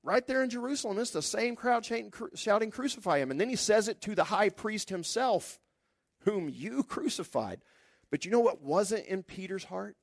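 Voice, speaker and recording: A man preaching a sermon in a conversational, lively way, acting out the quotes. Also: high-pitched, a little fast, hardly any pauses, no echo, studio quality. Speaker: pastor.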